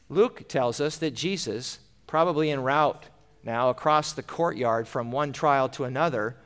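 High-voiced man preaching a sermon. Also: fairly bright tone. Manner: dramatic storytelling, rhetorical questions, voices quoted speech.

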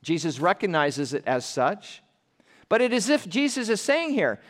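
A male pastor preaching an earnest, emphatic sermon, slowing down to stress key phrases and dropping his voice for weight. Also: sits high, very animated, a bit bright. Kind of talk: expository sermon. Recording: long reverb of a large hall.

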